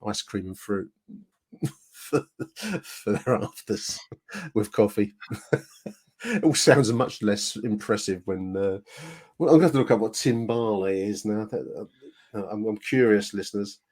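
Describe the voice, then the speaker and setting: A man's voice: on the low side, a little slow, long pauses, darkish tone. A man hosting a podcast, chatting casually and laughing often. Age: 60s. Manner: chatty, laughs often, fumbles foreign words. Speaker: podcast host. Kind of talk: casual chat.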